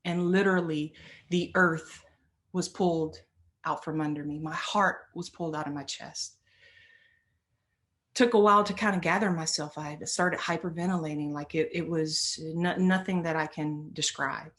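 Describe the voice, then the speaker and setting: A woman's voice: sits low, fairly even intonation, moderate pace, fairly bright tone. A middle-aged woman telling a personal story as a motivational speaker, earnest and emphatic, often repeating phrases for weight.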